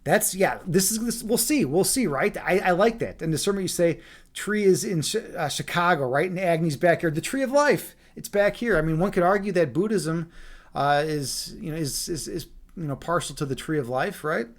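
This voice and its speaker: A man's voice: on the high side, animated, moderate pace. A man livestreaming, reading a fairy tale aloud and chatting with viewers in a rambling way, repeating his words.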